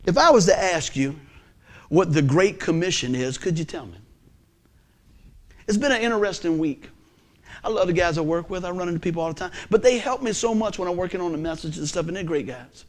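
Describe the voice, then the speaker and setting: A man delivers a sermon in a high-pitched voice. He preaches emphatically and with animation, slipping into folksy asides. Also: expressive, fairly quick. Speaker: pastor.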